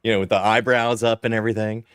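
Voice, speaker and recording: A man's voice: lowish voice, little pitch movement, fast talker, a bit bright, clear, resonant tone, no echo, clean studio sound. A man in a casual podcast chat who chimes in often with short agreements. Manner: gives frequent short agreements.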